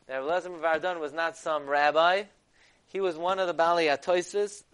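A man giving a text-study lecture. He reads Hebrew sources and explains them in English, growing loud and emphatic at key points. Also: fairly high pitch, fairly even intonation, fairly quick, clean tone. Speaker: Torah lecturer.

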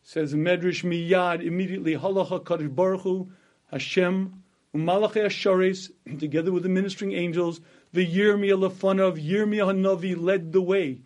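A man giving a sermon, retelling a Midrash slowly and deliberately, quoting Hebrew lines and translating each one, with frequent throat-clearing. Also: sits high, fairly even intonation, darkish tone. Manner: quotes Hebrew text then translates line by line. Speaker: Torah teacher.

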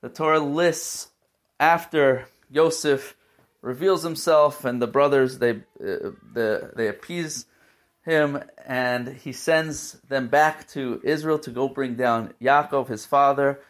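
A man's voice: mid-range voice, slow pace. A man giving a weekly Torah portion talk as a teacher, telling the story in an earnest, emotional way.

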